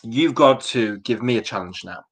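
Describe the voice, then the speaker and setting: A stream host chatting casually and quickly setting up a voice game. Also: mid-range voice, lively intonation, breathy edge.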